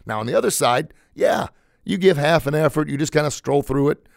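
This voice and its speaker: A man's voice: fairly high pitch, lively intonation, fairly quick, creaky, no room sound, studio quality. A man hosting a podcast, giving an emphatic, conversational motivational talk that repeats its key points. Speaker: podcast host, motivational speaker.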